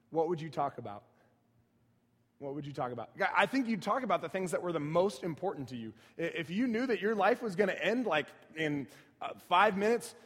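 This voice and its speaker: A young male pastor delivers a sermon in a lively storytelling manner, dropping to soft, reflective asides before building to loud, excited bursts. His voice sits fairly high for a man. A long reverb trails every phrase, as in a large hall.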